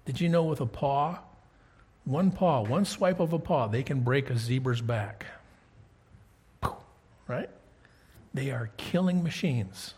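A man preaching a Bible lesson in a relaxed, conversational way. He reads verses aloud and keeps checking in with his listeners through questions. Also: mid-range voice, slow pace, pauses often, breathy edge.

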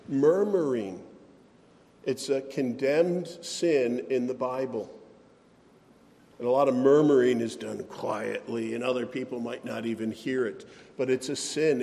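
A man's voice: mid-range voice, unhurried, vocal fry, dark tone, long reverb tail. A man preaching a sermon as pastor, earnest and emphatic, with sighs and light self-deprecating asides.

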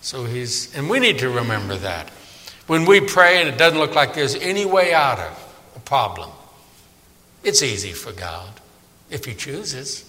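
Animated man preaching in a reverberant hall. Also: mid-range voice, measured pace. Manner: animated, conversational, asks the audience questions. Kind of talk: sermon Bible study.

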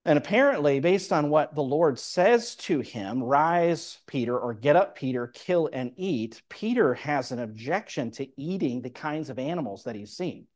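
Guy giving a bible teaching sermon, slightly high voice, walks thru verses. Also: lively intonation, moderate pace, few pauses, a little mellow. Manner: explanatory, reads verses aloud. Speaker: preacher.

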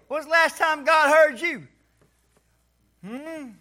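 A man preaching a sermon to a church congregation, folksy and calling for responses, sometimes shouting. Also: very high voice, animated, unhurried, pauses often.

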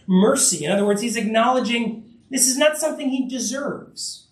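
A high-voiced man preaches a conversational sermon. He often repeats words and voices the lines he quotes. He sounds roomy and set back from the mic. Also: lively intonation, fairly quick. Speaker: pastor. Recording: echoey room, mic at a distance.

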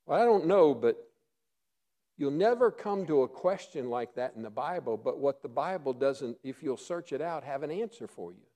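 A middle-aged male pastor preaching a sermon, earnest, often dropping to a hush for emphasis. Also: a little high, expressive, moderate pace.

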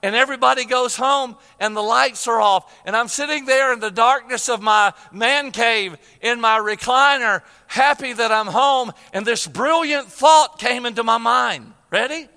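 High, bright-voiced older preacher man. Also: moderate pace, few pauses, clear, resonant tone, in a large hall. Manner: emotional storytelling, preaching with repeated phrases. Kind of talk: sermon.

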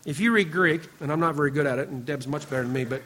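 A man preaching a sermon to his congregation, earnest and emphatic, often dropping to a quieter, lower voice and addressing listeners by name. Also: rapid-fire. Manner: speaks directly to the congregation, teasing members by name. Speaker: pastor.

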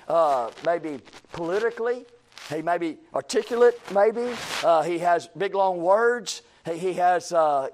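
A man's voice: high-pitched, slight background noise. A man preaching a sermon in a folksy, emphatic way, repeating phrases and quoting imagined critics.

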